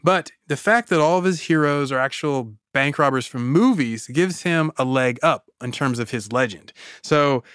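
A man hosting a podcast, telling a story in a casual, animated way with frequent laughs and lots of "like". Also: medium pitch, moderate pace, few pauses, smooth, no echo, studio quality. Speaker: podcast host.

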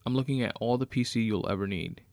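A man's voice: medium pitch, fast talker, vocal fry, darkish tone, no echo, close to an everyday voice. A man voicing a pushy male prison warden calling in a favor, firm and insistent.

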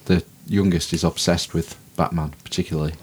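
A man's voice: low voice, fairly even intonation, fairly quick, darkish tone, a little hiss or hum. A man, co-hosting a casual podcast chat, swearing freely and laughing often. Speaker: podcast co-host.

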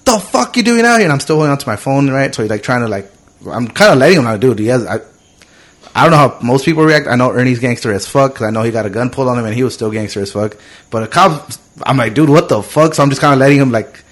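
A man in his thirties, a middle-pitched voice, telling a story in an easygoing podcast conversation. He is animated and swears freely as he goes. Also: fast talker. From immigrant. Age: 30s. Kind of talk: casual storytelling chat.

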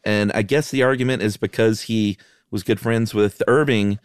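A man's voice: fairly low pitch, fairly even intonation, moderate pace, smooth, no echo, clean studio sound. A man co-hosting a casual podcast, bantering wryly and teasing his partner. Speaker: podcast co-host. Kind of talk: casual chat.

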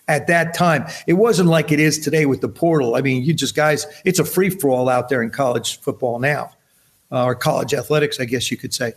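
A man's voice: medium pitch, brisk. A man in his seventies from New Jersey, a podcast guest telling stories in casual chat and acting out the voices in them. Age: 70s. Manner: animated storyteller acting out quoted dialogue.

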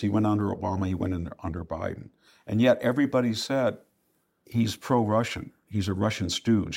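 An older man with a low, gravelly voice makes his case in a podcast interview. He argues emphatically and fluently and slips into quick quoted asides. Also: a little mellow. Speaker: historian guest.

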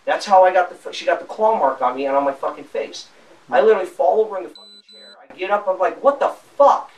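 A man's voice: high voice, lively intonation, fast, a little mellow, reverberant, far from the mic, rough recording. Profane rambling man on body camera audio. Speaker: man questioned by police. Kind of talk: rambling account to police. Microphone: police body camera.

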